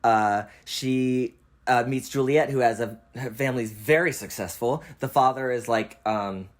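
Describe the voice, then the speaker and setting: A young man in a relaxed film chat, talking at an everyday middle pitch. He is animated, laughs often and acts out quotes, with plenty of casual swearing. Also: a little slow. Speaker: host.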